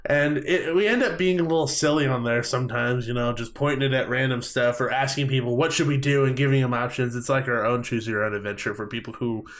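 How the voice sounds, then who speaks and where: A young man co-hosting a casual podcast, chatty and quick to laugh, often stumbling over his words. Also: mid-range voice. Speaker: podcast co-host.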